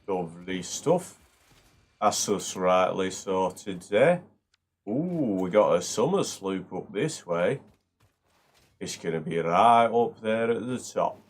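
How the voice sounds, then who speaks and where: A man's voice: sits low, lively intonation, slow, breathy edge. A man hosting a gaming video, chatting casually and rambling through upbeat asides while he plays. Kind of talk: casual gameplay commentary.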